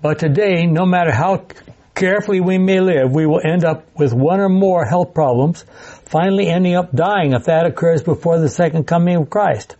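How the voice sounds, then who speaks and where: A man's voice: fairly high pitch, normal speed, dark tone, highs cut off. A man leading a Bible study class, chatty and digressive, with laughing asides as he teaches.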